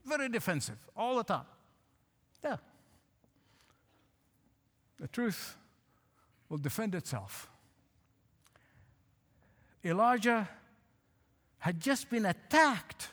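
A male pastor preaching a sermon, emphatic, repeating phrases and slowing to stress lines. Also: high-pitched, very animated, fairly bright tone. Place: church. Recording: hall reverb.

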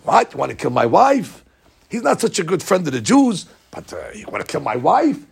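A man voicing a blustering, suspicious king who repeats himself in rapid bursts. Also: on the high side, huge pitch swings, vocal fry, husky, heavily acted. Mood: furious.

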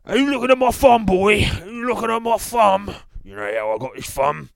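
A man doing a shrill cockney menace. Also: expressive, brisk, gravelly. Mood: leering. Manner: shrill, leering, shouted questions.

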